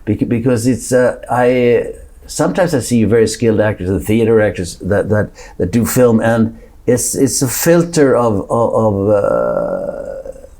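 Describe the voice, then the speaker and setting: A man in his seventies with a Swedish accent, a guest on an interview podcast, talking in halting stretches with many restarts and repeated words. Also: fairly low pitch, very animated, vocal fry, warm tone. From Sweden. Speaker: guest actor.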